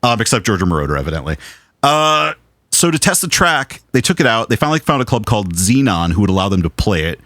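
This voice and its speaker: A man co-hosting a podcast, telling anecdotes in an animated, casual way with some swearing. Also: lowish voice, quick pace, dry recording, clean studio sound. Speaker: podcast co-host. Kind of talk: casual film chat.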